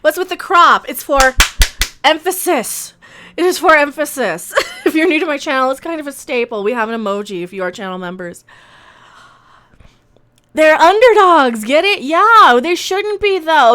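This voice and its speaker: A woman's voice: high voice, normal speed, sharp tone. A woman hosting a live reaction stream, giving sarcastic, ranting commentary and swearing often. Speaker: reaction video host.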